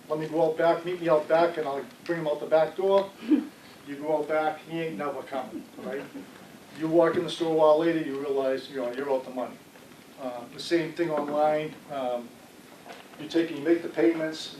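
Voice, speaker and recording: A man's voice: on the high side, darkish tone, a little hiss or hum. A man giving a conversational community talk on scams, often checking with the audience. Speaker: fraud prevention speaker. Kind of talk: community presentation. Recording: echoey room, speaker far from mic.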